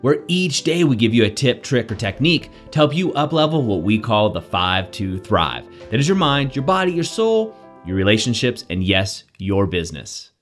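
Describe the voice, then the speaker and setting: Male life-coach host, energetic and chatty, animated intonation, motivational delivery. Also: mid-range voice, moderate pace, soft background music. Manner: energetic, conversational, frequent "right?" asides. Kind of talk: motivational self-help talk.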